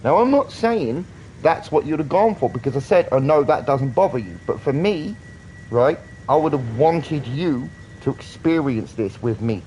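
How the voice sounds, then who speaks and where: A man's voice: on the high side, animated, normal speed, a little mellow, slight background noise, low-quality recording. A British man in his thirties rambling earnestly in a casual live-stream chat, swearing often. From Britain.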